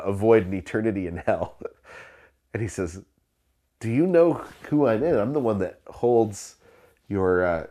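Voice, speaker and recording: A man's voice: low-pitched, a little mellow. A man preaching in a conversational storytelling way, often restarting sentences with fillers and laughing as he goes. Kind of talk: sermon storytelling.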